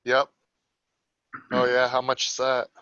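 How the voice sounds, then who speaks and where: A male tabletop player with a bright, smooth, crisp voice, answering briskly with short replies. The recording is dry and somewhat dull, like lo-fi sound. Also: medium pitch, completely flat delivery, no echo. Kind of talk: casual tabletop game chat.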